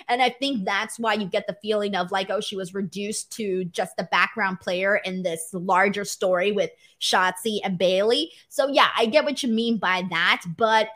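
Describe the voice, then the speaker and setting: A young woman hosting a wrestling post-show, chatting casually and reading viewer comments, excitable and laughing often. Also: on the high side. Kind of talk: casual solo commentary reading live chat.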